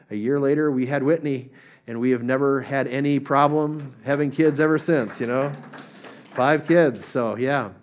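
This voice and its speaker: A man's voice: fairly high pitch, highs cut off. Earnest middle-aged man preaching. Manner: earnest, drops to soft gentle tones when voicing God. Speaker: pastor. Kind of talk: sermon.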